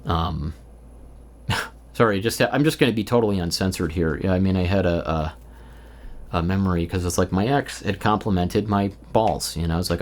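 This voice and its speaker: A man's voice: low-pitched, brisk. A man in his thirties talking alone in an unscripted stream-of-consciousness monologue, rambling and candid, swearing often. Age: 30s. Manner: rambling and candid, with frequent profanity and filler. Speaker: vlogger. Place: indoors, recording alone.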